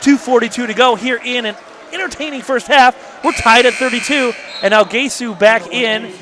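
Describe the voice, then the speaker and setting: High-voiced man calling a basketball game. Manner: rapid, excitable calls with folksy asides. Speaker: play-by-play announcer. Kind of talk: high school basketball play-by-play. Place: school gymnasium. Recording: cheering gym crowd and noise behind.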